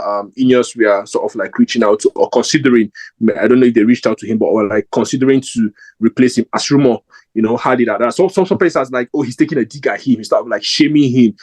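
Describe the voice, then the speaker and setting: A man's voice: medium pitch, darkish tone, rough recording. A young man giving his opinion in a casual football fan vlog, rambling and emphatic with lots of fillers and restarts.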